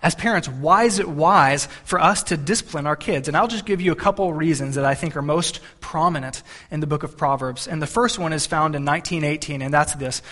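A man's voice: fairly high pitch, fairly quick, few pauses, fairly bright tone. A man in his thirties, a pastor delivering a sermon in an earnest, conversational way with frequent restarts.

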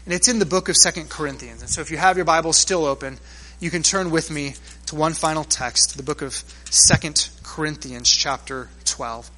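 A man's voice: on the high side, moderate pace, bright, forceful tone. A man preaching a sermon in a church, earnest and emphatic, with rising emphasis as he addresses the congregation. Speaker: pastor.

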